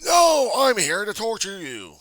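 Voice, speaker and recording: High, shrieking, hostile heckler acted by a man, ranting abuse, yelling. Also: huge pitch swings, measured pace, dry recording, full character voice. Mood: menacing. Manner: screaming, insulting, shrill.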